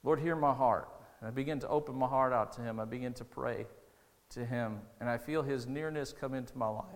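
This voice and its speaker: A man's voice: mid-range voice, fairly even intonation, fairly quick, big-room sound. A man preaching a sermon as pastor, earnest and conversational, with restarts and rising emotional peaks.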